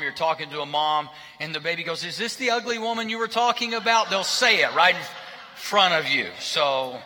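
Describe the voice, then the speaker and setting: A man's voice: a little high, pushed and bright. A male pastor giving a sermon in a conversational, joking manner in a church sanctuary. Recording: reverberant hall.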